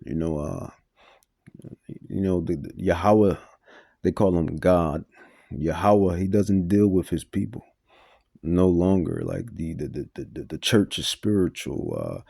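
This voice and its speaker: A man's voice: low voice, gravelly, darkish tone, no room sound, studio quality. A man preaching a Bible teaching sermon, emphatic and repetitive with stumbling restarts.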